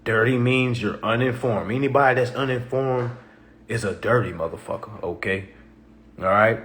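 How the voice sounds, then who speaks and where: A man's voice: mid-range voice, moderate pace, fairly bright tone, slight background noise. A man hosting a live stream, talking casually in a preachy, repetitive way, often asking "okay?" and acting out other people's doubting replies.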